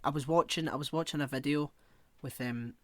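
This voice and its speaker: A man's voice: a little high, fairly even intonation, brisk, no room sound. A man with a slightly raised voice co-hosts a podcast in loose, casual conversation. He wanders through his thoughts and stops often to search for words. His voice sounds dry and close, with no room around it. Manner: rambling, searches for words with many fillers. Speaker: podcast co-host. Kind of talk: casual chat.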